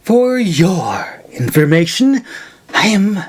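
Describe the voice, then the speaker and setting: A man voicing a proud, quick-tempered young woman mage who talks fast and indignantly. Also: sits high, very animated, slightly rough, voice pushed up, full character voice.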